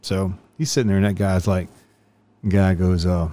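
A man's voice: sits low, flat delivery, moderate pace, mellow. Profane storytelling man, laughing often. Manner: profane, laughs through his stories. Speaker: police officer. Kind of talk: casual storytelling chat.

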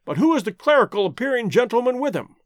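A man's voice: very high-pitched, big pitch swings, fast talker, no room sound, studio quality, voice pushed up. A man voicing a fussy, flustered elderly scholar who stammers and hedges his words.

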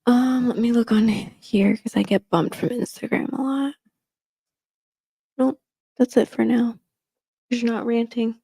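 A woman's voice: fairly high pitch, steady tone, measured pace, creaky, pauses often, dark tone, slightly rough. A woman co-hosting a live dog-training Q&A, reading viewer questions and chatting with the host, often laughing and teasing him. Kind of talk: casual live Q&A.

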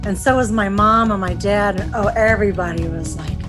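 With music in the background, the subject's middle-aged mother chats emotionally through her memories in an interview, voicing the remembered dialogue herself. She speaks at a normal speed with few pauses, in a medium pitch with lively intonation.

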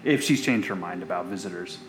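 A man's voice: deep voice, brisk, roomy sound, background noise. A man player eagerly pressing his idea during casual tabletop play.

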